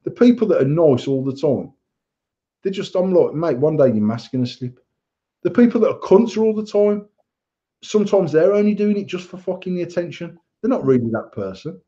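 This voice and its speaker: Brisk and dark-toned, this man's high-sitting voice carries lively intonation as he co-hosts a podcast. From England, he rants bluntly and swears heavily in casual conversation, captured on a dull lo-fi recording.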